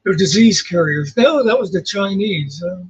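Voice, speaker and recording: Male caller, husky voice, muffled lo-fi line, rambling and reflective. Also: high voice, animated, normal speed. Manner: rambling, reflective, repeats "you know". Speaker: guest commentator. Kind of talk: casual livestream chat. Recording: muffled lo-fi call audio.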